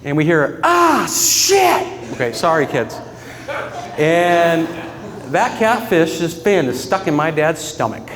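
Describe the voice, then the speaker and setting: At a funeral gathering in a room full of mourners, a man eulogizes his father, sharing personal stories earnestly and often breaking into laughter. His voice is a little high, expressive, and a little slow, with a long reverb tail over a noisy crowd.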